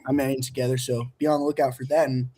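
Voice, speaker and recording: A man's voice: mid-range voice, level tone, quick pace, dark tone. A man co-hosting a casual podcast and running the soundboard, loose and joking, swearing casually. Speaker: podcast co-host, runs the soundboard.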